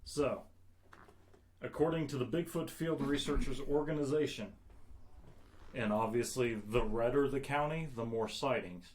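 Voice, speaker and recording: A man co-hosting a casual podcast, talking in an easygoing way. He tells stories and reads out bits of monster lore at a relaxed, unhurried pace. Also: medium pitch, slight background noise. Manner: relaxed storytelling, reading out cryptid lore. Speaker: podcast co-host. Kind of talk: casual chat.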